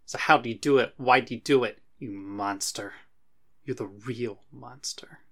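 A man's voice: mid-range voice, a little slow, fairly bright tone. A man voicing a cheeky roguish adventurer hurling playful, mocking accusations. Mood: taunting.

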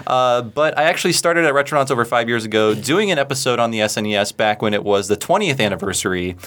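A male podcast host talking quickly and excitably, his voice at an ordinary middle pitch. He jokes with his guests, stumbles and restarts often, and keeps the chat rolling. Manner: excitable, stammering and joking. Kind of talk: casual chat.

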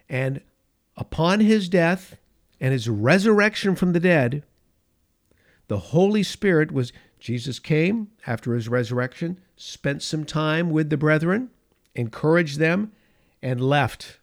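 Male pastor, middle-aged, impassioned sermon delivery with dramatic pauses. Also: on the high side, lively intonation. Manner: impassioned preaching with dramatic pauses and swings in loudness.

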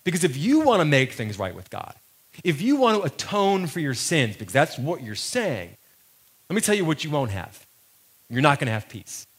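A man preaching a sermon to a congregation in a conversational, lively way, slowing down to stress key phrases. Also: fairly high pitch, husky. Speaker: pastor.

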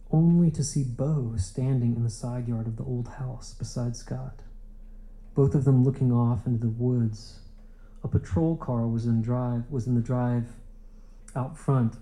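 A man narrates a literary audiobook with a very dark, mellow tone. His reading is measured and unhurried. His pitch sits in the middle of the male range. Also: poor audio.

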